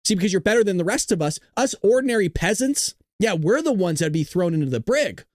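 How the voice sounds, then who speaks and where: A man's voice: sits high, big pitch swings, fast talker, no echo, studio quality. A man hosting a reaction show, talking over clips in a mocking, sarcastic way with frequent laughs and swearing. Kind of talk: casual reaction commentary.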